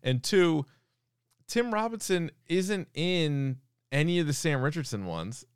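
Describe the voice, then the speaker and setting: A man's voice: fairly high pitch, lively intonation, unhurried, smooth, dry recording, clean studio sound. A man co-hosting a casual podcast chat, retelling comedy sketches, laughing often and acting out quoted lines in a raised voice. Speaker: podcast co-host.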